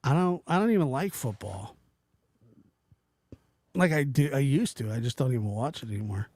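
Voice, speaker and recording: A man hosting a casual livestream, talking to his chat in a rambling, animated way, often stopping and restarting. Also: medium pitch, moderate pace, no room sound. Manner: animated, rambling, self-interrupting, mimics voices in quotes. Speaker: livestream host reading chat.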